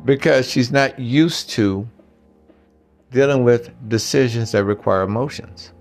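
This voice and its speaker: A little slow and a little mellow, this older man's mid-range voice carries over faint music. He tells stories and talks straight to the guys while giving blunt relationship advice in a casual monologue.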